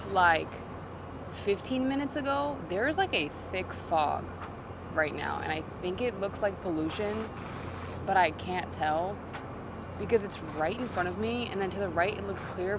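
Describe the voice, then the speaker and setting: A young woman vlogger chats to camera on a city street in the morning, with noise all around. She talks a little slowly in a fairly low, expressive voice, rambling, slangy, and frequently interrupting herself.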